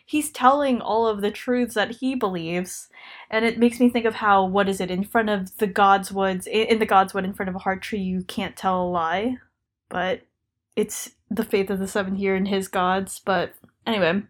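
A woman's voice: mid-range voice, steady tone, normal speed. A woman co-hosting a podcast, chatting casually about a book with lots of fillers and frequent laughter. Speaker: podcast co-host. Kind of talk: casual book discussion chat.

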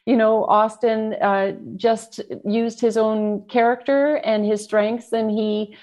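A woman's voice: a little high, fairly even intonation, a little mellow. A woman co-hosting an online talk, speaking earnestly and with pride about young speakers. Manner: proud, unhurried, earnest. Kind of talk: casual chat.

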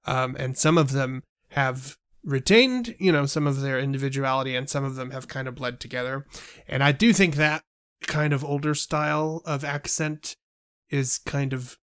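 A man's voice: mid-range voice, steady tone, normal speed, fairly bright tone, smooth, dry recording, clean studio sound. A man chatting casually about films and music, giving long loose explanations full of fillers.

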